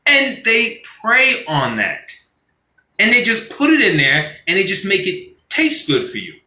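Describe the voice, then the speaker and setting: A man's voice: high voice, huge pitch swings, a little slow, sharp tone, roomy sound. A man ranting on a live stream in a casual, profane style, acting out quoted voices as he goes.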